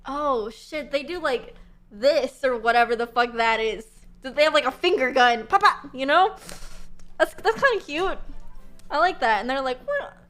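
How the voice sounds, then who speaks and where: High-voiced giggly streamer woman. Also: normal speed, fairly bright tone, faint music behind. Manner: giggly, chatty, lots of fillers and swearing. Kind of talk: casual chat with stream chat.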